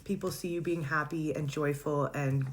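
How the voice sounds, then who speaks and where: Woman, low voice, casual tarot reader, chatty, laughs a lot. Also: fairly even intonation, moderate pace. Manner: chatty, warm-hearted, laughs often, searches for words.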